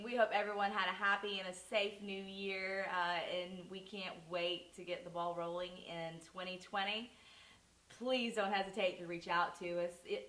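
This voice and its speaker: A woman's voice: on the low side, sharp tone, roomy sound, low-quality recording. A woman with a Southern American accent co-hosting a casual chat, laughing often and chiming in. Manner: laughs often, chimes in briefly. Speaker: real estate agent, co-host.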